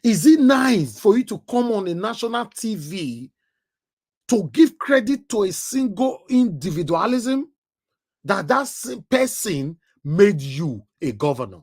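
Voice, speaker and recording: Nigerian man, call-in host, animated and emphatic, lively pitch. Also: measured pace, breathy edge. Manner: emphatic, preachy rhetorical questions. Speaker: live show host taking calls. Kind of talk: live call-in commentary.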